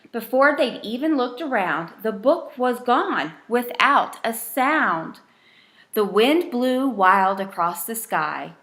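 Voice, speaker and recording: A woman reads a rhyming bedtime story aloud in a slow, gentle voice. Her delivery has a steady rhythm that follows the rhyme, and her pitch sits in the middle range.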